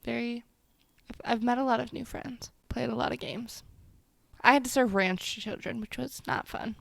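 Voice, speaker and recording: Bright, gravelly young woman, playful. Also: a little high, normal speed, dry recording. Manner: teasing, playful. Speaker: podcast co-host. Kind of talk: casual chat.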